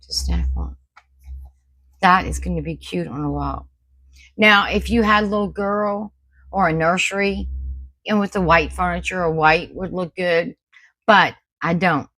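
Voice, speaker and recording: Woman, home decor vlogger, chatty and folksy, slightly low voice, recorded at home. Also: animated, unhurried, pauses often, a bit bright, dry recording, rough recording. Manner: chatty, folksy, talks to viewers as y'all. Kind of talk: casual unboxing chat.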